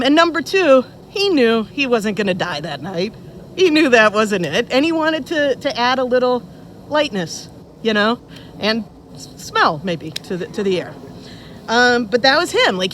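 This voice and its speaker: A woman's voice: mid-range voice, a bit bright, a little hiss or hum. A woman in her forties speaks at her father's funeral, addressing the people gathered in front of her. She tells funny stories in a loose, conversational way, with plenty of ums and restarts. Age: 40s. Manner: conversational, humorous storytelling. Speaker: eulogist, daughter of the deceased. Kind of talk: funeral eulogy. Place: funeral service before a gathered audience.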